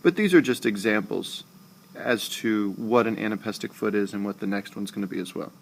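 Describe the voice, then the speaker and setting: A man teaching a screencast lesson, explaining slowly and patiently and saying syllables aloud with exaggerated stress. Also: lowish voice, creaky. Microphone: tablet recording.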